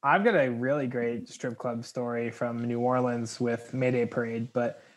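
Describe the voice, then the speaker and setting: A young man co-hosting a podcast, telling a work story in casual chat, animated and laughing, acting out the voices of the people in it. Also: mid-range voice, normal speed. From United States. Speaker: podcast co-host.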